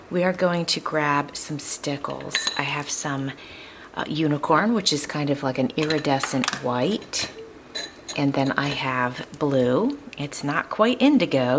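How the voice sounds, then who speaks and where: Woman, craft tutorial host, casual chat, deep voice, faint room hiss. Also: poor audio. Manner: chatty, upbeat, laughs often while working.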